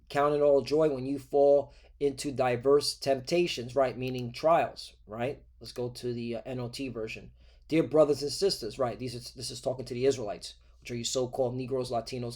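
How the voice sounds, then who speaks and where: A man giving an informal sermon lesson, conversational and halting, tagging nearly every phrase with "all right" or "okay". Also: mid-range voice, darkish tone. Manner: halting, repeated fillers and restarts. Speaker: preacher.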